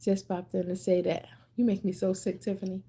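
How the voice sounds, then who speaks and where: A woman's voice: mid-range voice, flat delivery, brisk, dark tone, husky. A woman hosting a casual livestream, chatting playfully with viewers and reading their comments aloud, often repeating herself for emphasis. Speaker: livestream host.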